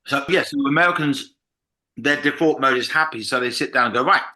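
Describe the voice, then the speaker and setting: A man's voice: medium pitch, brisk. An English man, a comedian, chatting casually on a podcast and acting out quotes as he tells stories. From England. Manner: animated storyteller, acts out quotes. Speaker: comedian guest.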